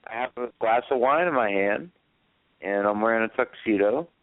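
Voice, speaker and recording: Rambling low-voiced man on a phone line. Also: normal speed, no echo. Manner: rambling anecdotes, many fillers and restarts. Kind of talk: casual chat on a call-in radio show. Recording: dry phone-line audio.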